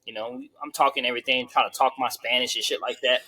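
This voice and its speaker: A man's voice: medium pitch, fairly even intonation, quick pace, pushed and bright, low-quality recording. A man co-hosting a podcast in casual chat, boasting and telling crude stories. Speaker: podcast co-host.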